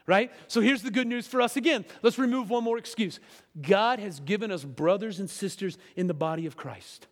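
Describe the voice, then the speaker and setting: A man's voice: high-pitched, moderate pace, big-room sound. A man preaching a sermon as pastor, talking to the congregation in a conversational way with frequent tag questions like "right?" and "okay?".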